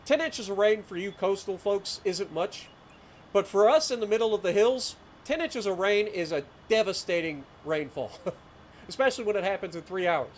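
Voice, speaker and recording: Casual streamer, rural Ohio man in his late thirties, slightly high voice, rambling and chuckling, faint noise behind. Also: expressive, moderate pace. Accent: rural southeastern Ohio. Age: late 30s. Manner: rambling storyteller, chuckles often, greets chat. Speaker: livestreamer. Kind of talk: casual gameplay livestream chat.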